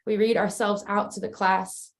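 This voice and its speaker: A woman's voice: medium pitch, moderate pace. A woman performing a spoken word poem at an open mic, reciting steadily and joining by video call. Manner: steady, even recitation with little rise and fall. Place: remote, joining from afar.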